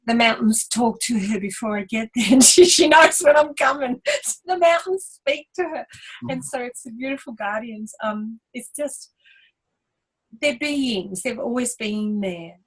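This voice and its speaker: A woman co-hosts a relaxed spiritual talk show, telling her stories with animation and frequent laughter. Her voice sits a little high and carries a husky, breathy edge. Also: poor audio. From Australia. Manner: animated storyteller, laughs often. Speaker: co-host. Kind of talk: casual spiritual chat.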